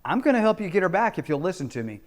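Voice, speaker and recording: A man's voice: sits high, very animated, rapid-fire. A middle-aged man giving relationship coaching straight to camera, in an emphatic, repetitive, preacherly manner. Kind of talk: direct-to-camera advice talk.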